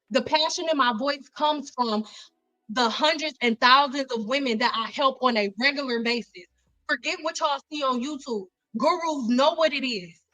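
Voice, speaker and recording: A woman's voice: high voice, bright, forceful tone, no echo, poor audio. A woman talking intensely in a heated livestream monologue, emphatic and repeating herself. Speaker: YouTuber, spiritual coach.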